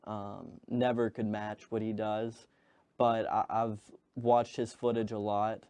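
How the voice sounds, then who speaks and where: A man's voice: on the low side, little pitch movement, slow, a little mellow, clean tone, dry recording. A young man in his twenties, a guest on a sports talk show, chatting in a modest, easygoing way. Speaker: guest, debut boxer. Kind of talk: casual interview chat.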